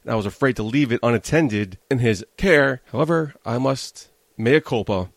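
A man's voice: medium pitch, normal speed, dry recording. A man hosting a wrestling podcast, narrating clips in a casual, self-mocking way. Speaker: podcast host.

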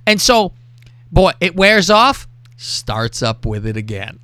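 A man's voice: on the high side, takes it slowly, no room sound. A man hosting a podcast, telling a crude story with lots of swearing and acting out what people said. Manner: profane, animated, acts out quotes. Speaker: podcast host.

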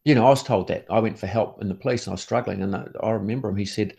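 A man's voice: lowish voice, rapid-fire, vocal fry, warm tone. A middle-aged man, a former police negotiator, telling his story in earnest and often stumbling over and repeating words. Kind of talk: interview storytelling.

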